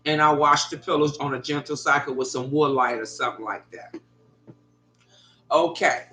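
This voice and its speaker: A middle-aged woman rambles through a story to her viewers, swearing freely and talking in an animated way. Her voice is bright and forceful. The bedroom where she records sounds echoey. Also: low-pitched, normal speed, faint music behind. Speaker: vlogger. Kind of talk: casual profane storytelling to viewers. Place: bedroom at home. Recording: echoey room.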